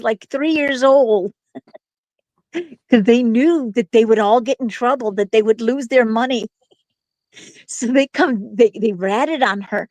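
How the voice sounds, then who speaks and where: A woman's voice: a little high, a little slow, dry recording, low-quality recording. A middle-aged woman telling a long, rambling story in casual chat, laughing often and restarting her sentences.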